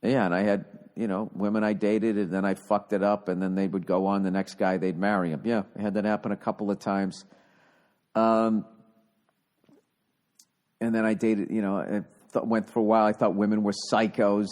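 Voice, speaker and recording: A man's voice: low-pitched, darkish tone, big-room sound. A man hosting a podcast, giving casual advice in a blunt, profane way. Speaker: podcast host.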